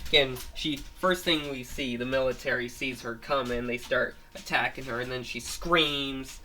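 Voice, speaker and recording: A man's voice: medium pitch, fairly even intonation, moderate pace, sharp tone. A man casually retelling a monster story of his own, rambling with frequent restarts and fillers, at home with his grandmother nearby.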